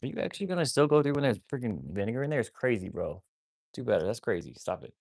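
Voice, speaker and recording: A man's voice: medium pitch, expressive, quick pace, vocal fry, darkish tone. A man, talking to his wolfdogs in a casual vlog. He scolds them with slang and swearing, saying how crazy they are. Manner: scolding animals, swearing, repeats "that's crazy, bro". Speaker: wolfdog rescuer and live streamer. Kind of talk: casual vlog talk to dogs and viewers.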